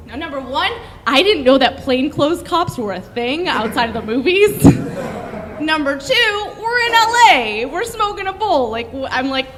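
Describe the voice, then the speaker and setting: A young woman telling a story on stage in a brash, profane, animated way. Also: high-pitched, normal speed, long reverb tail, slight background noise.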